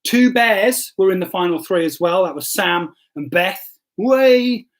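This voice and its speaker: Brief: male pastor hosting a live stream, high voice, jokey, apologetic, bumbling. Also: animated, normal speed, gravelly, fairly bright tone. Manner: jokey and self-deprecating, stumbles and apologizes. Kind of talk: casual livestream chat, reading quiz results.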